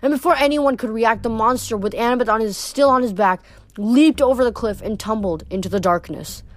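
This reader is a woman whose voice sits on the high side and moves a little fast, with no echo around it. She reads from a novel casually, now and then tripping over words and fixing them.

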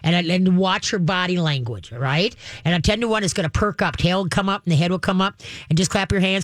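A woman's voice: on the low side, no echo. A woman hosting a radio call-in show on dog training, chatty and laughing, often acting out voices. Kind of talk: radio call-in advice talk. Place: radio studio. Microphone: studio microphone.

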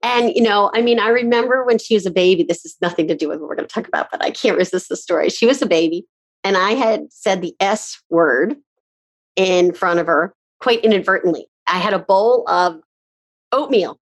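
Brief: middle-aged woman, interview host, chatty storyteller who laughs a lot, mid-range pitch. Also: fairly quick. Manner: chatty storyteller, laughs often, acts out quotes. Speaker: podcast host. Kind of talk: casual conversational interview.

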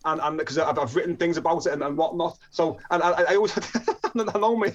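A man's voice: on the high side, fairly quick, lo-fi sound. A man from northern England telling a personal story in a chatty way, with frequent restarts and chuckles.

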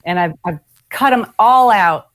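A woman telling stories in a casual chat, animated, laughing and acting out other people's voices. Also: mid-range voice, measured pace. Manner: animated storyteller, acts out voices, laughs a lot. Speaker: guest musician.

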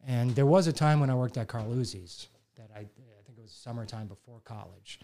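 A man's voice: medium pitch, brisk, dark tone. Storytelling middle-aged man, casual chat. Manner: storytelling, acts out quoted voices, laughs often. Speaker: podcast guest.

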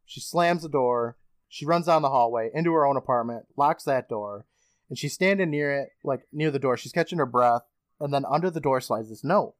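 A man co-hosting a comedy podcast, retelling a TV episode in an animated way with casual swearing. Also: medium pitch, a little fast, dry recording. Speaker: podcast co-host.

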